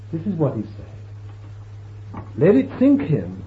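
Quoting scripture and unpacking it, a preacher delivers an emphatic, slow sermon full of dramatic rises and falls. His voice sits on the high side with huge pitch swings, and the recording is tinny and lo-fi with a faint hiss.

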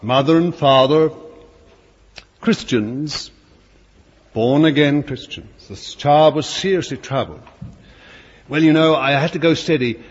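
A man's voice: fairly high pitch, unhurried, long pauses, slightly rough. An older man preaching a storytelling sermon, chatty and anecdotal, full of playful asides. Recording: dull old recording in a reverberant hall with faint hiss.

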